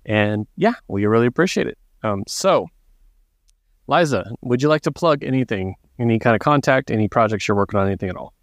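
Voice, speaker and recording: A man's voice: mid-range voice, lively intonation, brisk, no room sound, studio quality. Upbeat man hosting a podcast. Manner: friendly and upbeat, hosting the wrap-up. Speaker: podcast host. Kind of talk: casual podcast chat.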